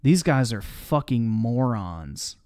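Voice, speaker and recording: A man's voice: mid-range voice, very animated, slow pace, darkish tone, clear, resonant tone, no echo. A man commenting on a video during a live stream, mocking it sarcastically with heavy swearing and reading viewer chat aloud.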